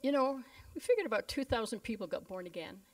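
Fast-talking, with a voice a little on the high side, a woman pastor from Canada fills her sermon with stories, giving lively voice to the people in them. She sounds somewhat far from the microphone.

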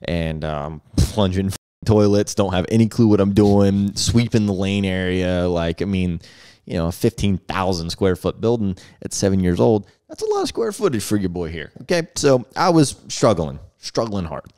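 A man's voice: low-pitched, normal speed, hardly any pauses. A man hosting a casual podcast, telling a childhood story with laughs and acted-out quotes. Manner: lively, laughing, acts out quotes. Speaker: podcast host.

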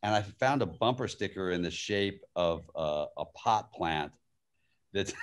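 A man's voice: low-pitched, expressive, slow. A man, the guest filmmaker and actor, telling anecdotes over a video call and laughing through his stories. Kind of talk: live-streamed conversation.

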